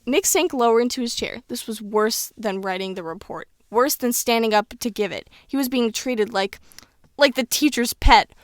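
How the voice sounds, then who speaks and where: A woman's voice: on the high side, expressive, normal speed, hardly any pauses, no room sound, studio quality. A woman co-host reading a children's novel aloud in a casual, playful way. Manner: playful, joking between passages.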